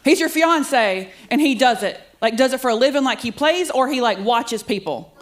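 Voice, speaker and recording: A woman's voice: on the high side, animated, normal speed, a little hiss or hum. Sassy middle-aged woman doing stand-up. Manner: sassy, self-deprecating, chatty with the crowd. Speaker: stand-up comedian. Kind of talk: stand-up comedy set. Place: comedy club studio with live audience.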